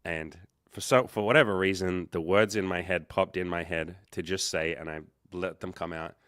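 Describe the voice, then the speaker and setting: A man with a very low voice tells a story in a casual, rambling way and corrects himself as he goes. He hosts a livestream and acts out quoted dialogue. The sound is dry and close to the mic. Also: fairly even intonation, moderate pace, a bit bright, clear, resonant tone, no room sound. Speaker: livestream host and coach.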